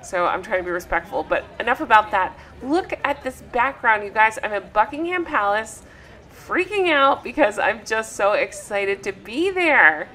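A woman's voice: fairly high pitch, big pitch swings, unhurried, bright, forceful tone. A woman hosting a travel vlog and chatting in a gushing, breathless way. She sounds tired from travel and talks into a travel mic. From United States. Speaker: vlog host. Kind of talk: excited travel vlog chat.

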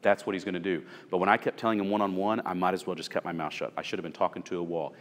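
A man's voice: sits low, steady tone, rapid-fire, long reverb tail. A man leading a supervisory training session, telling stories from his own work and asking the group rhetorical questions. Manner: conversational, story-driven, asks rhetorical questions. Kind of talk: workplace training talk.

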